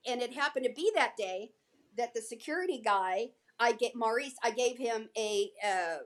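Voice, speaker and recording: A woman telling anecdotes in a casual interview, animated and acting out what others said. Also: on the high side, normal speed. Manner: animated, acts out quotes from others. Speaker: guest actress. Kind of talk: casual storytelling.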